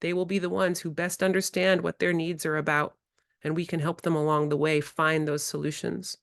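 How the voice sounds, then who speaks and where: A woman presenting a workshop to educators, animated and acting out conversations with children. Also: deep voice, moderate pace, vocal fry, dry recording, clean studio sound. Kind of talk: workshop lecture. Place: in-person workshop.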